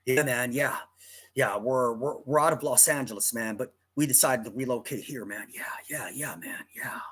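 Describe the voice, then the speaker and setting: A man voicing a drugged-out, jittery male rocker in a jester hat who chatters rapidly and keeps repeating "man". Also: mid-range voice, a bit bright, close to an everyday voice. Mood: wired.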